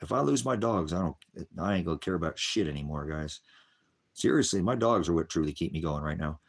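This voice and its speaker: A middle-aged man rambling on a live stream, frustrated and profane, swinging from angry outbursts to low, weary muttering. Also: lively intonation, brisk, gravelly.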